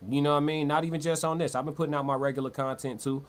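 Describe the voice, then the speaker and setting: A man's voice: a little high, fairly even intonation, rapid-fire. Slangy male livestream commentator, talks loose. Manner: loose, conversational, repeats words and restarts, slangy. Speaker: livestream host. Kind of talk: live-stream commentary, reading chat.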